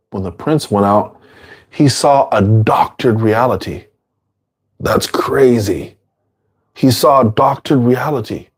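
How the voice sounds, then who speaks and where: Casual male dharma teacher. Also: darkish tone. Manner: casual, repeats phrases, acts out quotes in a high voice. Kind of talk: informal dharma talk.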